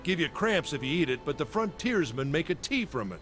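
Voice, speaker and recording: An actor playing a gruff male caravan master, a weathered frontier veteran who gives blunt, folksy warnings. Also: a little high, sing-song, a little fast, a bit bright. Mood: practical. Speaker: caravan leader. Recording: game audio under music. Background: game music.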